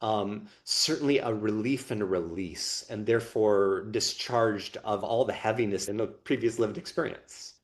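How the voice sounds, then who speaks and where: A man co-hosting a podcast, talking expansively about performance training and emotions in a relaxed conversational way. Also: on the low side, normal speed, hardly any pauses. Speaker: podcast co-host.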